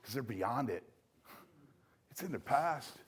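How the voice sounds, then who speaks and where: An older man giving a motivational speech, emphatic, with loud punchy lines that drop to soft, low asides. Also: expressive, takes it slowly, breathy edge. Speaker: speaker at a recovery event.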